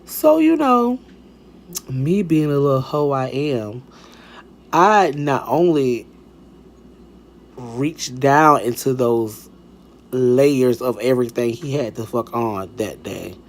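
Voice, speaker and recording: A man telling a personal story in a sassy, animated storytime style, swinging between high exclamations and low asides. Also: takes it slowly, long pauses. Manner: sassy, animated, lots of swearing and pitch swings. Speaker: storytime vlogger. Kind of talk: casual storytime.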